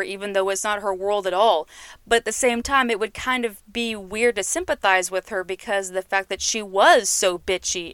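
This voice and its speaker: A woman's voice: mid-range voice, clear, resonant tone, no room sound. A woman talking casually and chattily about movies as a solo commentator. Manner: chatty, animated, laughs often. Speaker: film commentator.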